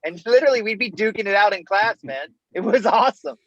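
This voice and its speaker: Male guest, high-pitched, casual storyteller who laughs easily; dull, dead-dry remote recording. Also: animated, fast talker, no echo. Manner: easygoing and chatty, laughs often, says man and bro. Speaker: interview guest, Army veteran.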